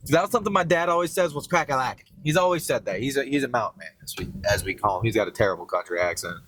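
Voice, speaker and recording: A man's voice: medium pitch, rapid-fire, a bit bright, dry recording. A young man with a partial rural American accent, chatting casually in a fitness vlog on the way to the gym, rambling and joking with lots of fillers. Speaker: fitness vlogger. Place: in a car on the road.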